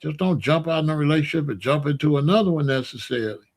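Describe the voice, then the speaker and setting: Joking high-voiced man giving advice. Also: lively intonation, quick pace. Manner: playful, loose and joking, with street slang and asides to the ladies. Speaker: online talk host giving relationship advice. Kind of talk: casual advice monologue.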